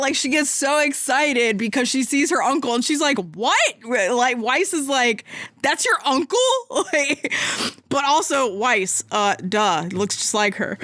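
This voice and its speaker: A woman's voice: on the high side, fairly bright tone, dry recording. A young adult woman hosting a podcast in casual chat, rambling through an enthusiastic fan theory with lots of fillers. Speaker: podcast host.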